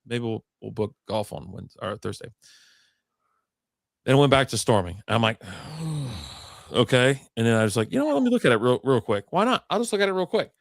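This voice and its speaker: A man's voice: medium pitch, vocal fry, dry recording, clean studio sound. A man co-hosting a casual live-stream show, rambling through stories and swearing freely. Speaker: podcast co-host.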